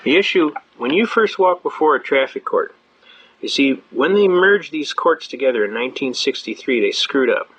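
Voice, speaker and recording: A man's voice: mid-range voice, expressive, normal speed, fairly bright tone, dull audio. An older man speaking at a seminar, telling stories in a folksy, conversational way, emphatic and repeating himself. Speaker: seminar speaker on constitutional rights. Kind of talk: folksy storytelling lecture.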